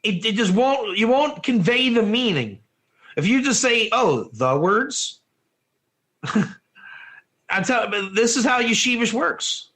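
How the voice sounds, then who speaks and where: Animated high-voiced man teaching a class. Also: slow, long pauses. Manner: animated, asks the class questions, often says "one or two", laughs at own jokes. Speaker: Torah teacher. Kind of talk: lively online class lecture.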